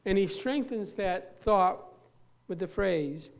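Pastor preaching, earnest and emphatic, mid pitch, drags out key words, repeats bits. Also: lively intonation, slow pace, gravelly. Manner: repeats and restarts phrases while preaching. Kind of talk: sermon.

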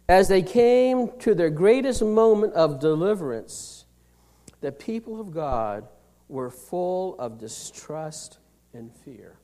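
This high-pitched pastor slowly reads from scripture during his sermon and then explains it simply. Some lines come out loud and emphatic, others drop to a near-whisper.

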